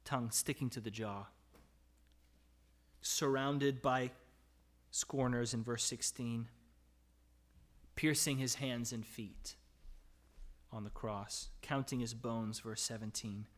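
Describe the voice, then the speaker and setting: Speaking steadily and slowly with long pauses, a male pastor preaches from the psalms, reading verses aloud. When he voices the anguished cries, his pitch and volume climb. Afterward he eases into casual talk and frequently asks "right?"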